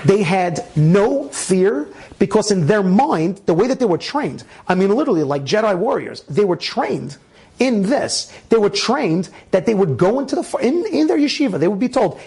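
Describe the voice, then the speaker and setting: A man with a raspy voice telling a Torah story in a lively way, with restarts and sound effects. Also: high voice, normal speed. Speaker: Torah speaker. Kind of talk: animated storytelling talk.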